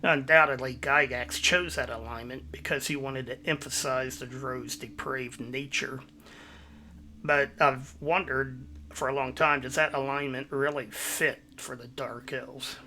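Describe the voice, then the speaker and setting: A man hosting his own video, giving a measured, explanatory voice-over. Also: mid-range voice, steady tone, bright, forceful tone, slight background noise. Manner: measured, explanatory, citing sources. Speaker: YouTube host.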